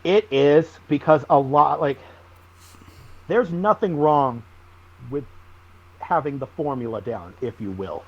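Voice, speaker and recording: A man, a wrestling guest on a podcast, telling stories in a lively, animated way. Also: fairly high pitch, slow pace, long pauses, slightly rough, lo-fi sound. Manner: animated storyteller, acts out shouted quotes. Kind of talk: casual storytelling interview.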